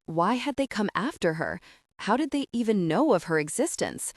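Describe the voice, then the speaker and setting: A woman narrates a romance audiobook in a measured, even storytelling style, her voice mid-range. The sound is clean studio audio with no room sound.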